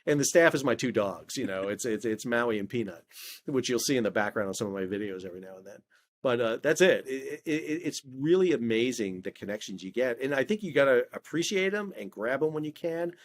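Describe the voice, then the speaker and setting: A middle-aged former ship officer, now a maritime expert and video creator, tells stories as a guest in a casual interview. His mid-range voice is fairly quick, with a little hiss or hum. He's animated, restarts often, and acts out quoted dialogue.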